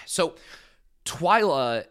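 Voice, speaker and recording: A man co-hosting a casual recap podcast, talking in an animated way and acting out quotes. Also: fairly high pitch, very slow. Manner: animated, acts out quotes in a shifting voice. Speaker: podcast co-host.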